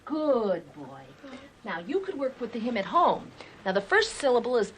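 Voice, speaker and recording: A woman psychologist instructing parents and coaching a child, encouraging, with short repeated praise and filler pauses. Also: fairly high pitch, very animated, slight background noise. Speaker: psychologist running therapy sessions.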